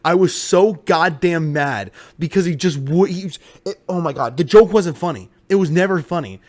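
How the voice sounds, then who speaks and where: A man's voice: on the high side, moderate pace, a little mellow, no room sound. A man co-hosting a podcast, ranting with lots of swearing in casual chat. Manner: profane, ranting. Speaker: podcast co-host.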